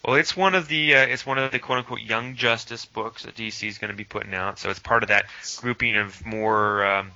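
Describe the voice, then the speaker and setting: A man's voice: fairly low pitch, fairly even intonation, fairly quick, few pauses, bright, forceful tone, dry recording. A man co-hosting a casual chat, hesitant and full of fillers but enthusiastic. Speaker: podcast co-host. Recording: dull lo-fi sound.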